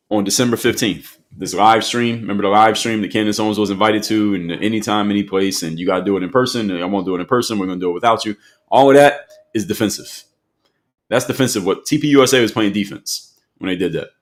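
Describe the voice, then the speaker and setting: A man hosting an opinion commentary show, speaking emphatically and repeating his points for effect. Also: lowish voice.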